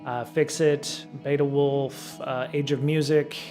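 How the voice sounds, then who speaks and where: A middle-aged man hosting a live stream. He reads from a programming book at a steady pace, then drifts into loose chat full of ums and restarts. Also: on the high side, slow. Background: faint guitar music.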